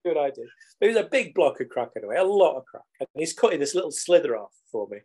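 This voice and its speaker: Animated middle-aged storyteller. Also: male voice, a little high, quick pace. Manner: animated, casual swearing. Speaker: podcast guest. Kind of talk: storytelling in conversation.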